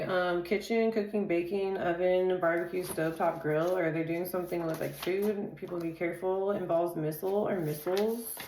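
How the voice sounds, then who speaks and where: A woman's voice: fairly low pitch, a little mellow, a little hiss or hum. Woman tarot reader, echoey room. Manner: rattles off card keywords in quick lists; laughs easily and chats off-topic. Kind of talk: casual tarot reading.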